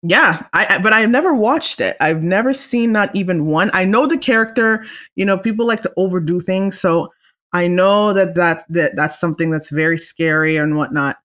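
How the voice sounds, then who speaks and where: A woman's voice: fairly low pitch, normal speed, fairly bright tone. A young woman hosting a solo talk show, chatting casually and rambling with frequent restarts and laughter. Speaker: solo podcast host. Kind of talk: casual chat.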